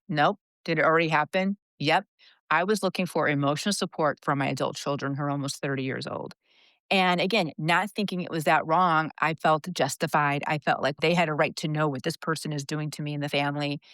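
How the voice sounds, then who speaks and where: A woman's voice: low-pitched, dry recording. A woman in her fifties, a podcast guest, candidly and earnestly telling a personal story. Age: 50s. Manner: earnest, confessional, animated retelling.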